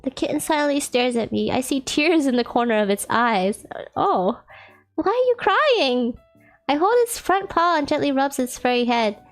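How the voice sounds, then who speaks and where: A female streamer reads a dating visual novel aloud, cracking jokes between lines in a high, playful, giggly voice with lively intonation. She talks at normal speed with few pauses while soft game music plays faintly underneath.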